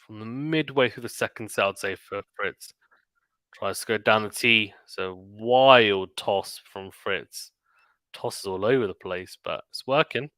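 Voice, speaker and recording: A man with a lowish, bright and forceful voice calls a tennis match live, shot by shot. Between points he slips into relaxed, offhand chatter. The sound is close and dry. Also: dry recording. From Britain. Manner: rapid calls of the rally mixed with quiet chatty asides. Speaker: stream commentator. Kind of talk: live play-by-play commentary.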